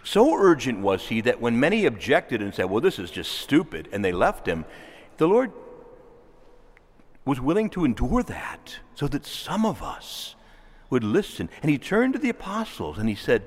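A man's voice: normal speed, in a large hall. A man preaching a sermon to his congregation, emphatic and urgent. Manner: animated, emphatic preaching with wide pitch swings.

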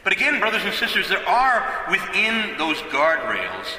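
A man's voice: high voice, huge pitch swings, normal speed, bright, forceful tone. A man giving a sermon as a parish priest, talking in a conversational way with frequent restarts. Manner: conversational preaching with repeated restarts. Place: church. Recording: echoey church, from a distance.

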